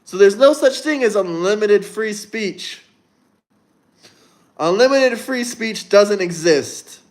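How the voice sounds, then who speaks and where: With a high-sitting voice and lively intonation, a young man takes his time hosting a casual livestream. He answers viewer comments bluntly as he reads them, swearing a lot and rambling.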